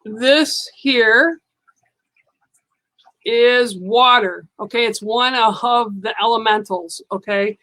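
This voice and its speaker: A woman's voice: a little high, slow pace, fairly bright tone, poor audio. A woman giving a psychic card reading on a live stream, speaking in a soothing, reassuring way and often checking in with "okay".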